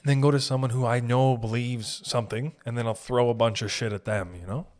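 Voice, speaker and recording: This man's voice is medium in pitch, steady and darkish, moving fairly quickly. Hosting his podcast, he rambles through a profane comic monologue, cutting himself off mid-sentence and slipping into mock voices.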